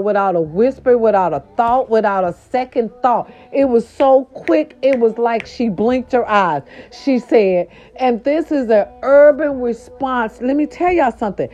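A sassy woman host dishing gossip in a loose, slangy way, her pitch leaping all over as she hypes each point. Her voice is mellow and warm. The recording is dull and lo-fi. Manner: animated, sassy, slangy, dramatic pitch swings. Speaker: show host. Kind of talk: casual celebrity gossip monologue. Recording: dull lo-fi audio.

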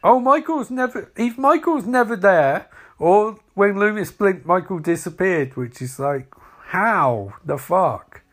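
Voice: medium pitch, animated, takes it slowly. Casual, profane watch-along commentator, voice bouncing up and down a lot, filler-heavy rambling. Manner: rambling, profane, frequent fillers and laughing reactions.

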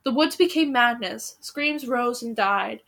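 A woman's voice: a little high, lively intonation, unhurried, creaky, fairly bright tone. A woman reading a storybook aloud with dramatic, suspenseful pacing.

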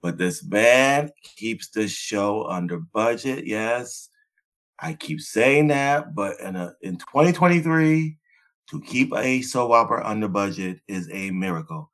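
A low-voiced man co-hosting a podcast. He is blunt and emphatic, stresses his points and swears freely. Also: expressive, measured pace, a bit bright. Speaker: podcast co-host. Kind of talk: casual podcast chat.

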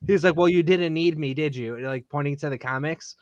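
A man's voice: on the high side, fairly quick, muffled recording, crowd noise. A man who creates comics, telling a convention story in casual podcast chat, acting out what people said and laughing often. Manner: animated storyteller, quotes others, laughs often.

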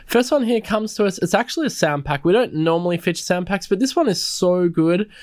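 A man's voice: high-pitched, animated, brisk, a little mellow, no room sound, clean studio sound. Upbeat man hosting a podcast. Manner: upbeat and enthusiastic. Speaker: podcast host. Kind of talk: casual podcast chat.

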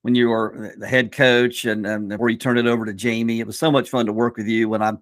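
A man's voice: mid-range voice, flat delivery, fast talker, no room sound. A man hosting a podcast, a play-by-play announcer who talks with enthusiasm and lots of fillers. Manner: enthusiastic, lots of "you know". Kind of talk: casual podcast chat.

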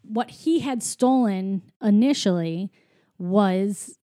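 Chatty woman with a dark, dry voice. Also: medium pitch, takes it slowly, no echo. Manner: chatty, lots of "like" and "you know", giggly. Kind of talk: casual movie recap chat.

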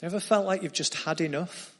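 Brief: male preacher, higher voice, earnest storytelling sermon. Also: fairly quick.

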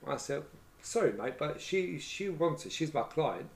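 A middle-aged man tells stories in a loose, rambling way, tagging his sentences with "right?" and "you know what I mean?". His voice sits a little higher than most men's. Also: sing-song, a little slow, creaky. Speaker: former hairdresser telling stories. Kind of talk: casual chat, anecdotes.

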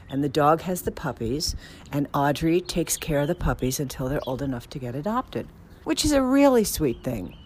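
A middle-aged woman telling a rambling personal story about dogs at home, animated, with squealing quoted excitement. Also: low voice, slight background noise. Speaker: dog owner telling a story. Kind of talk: casual storytelling. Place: outdoors then indoors at home with dogs.

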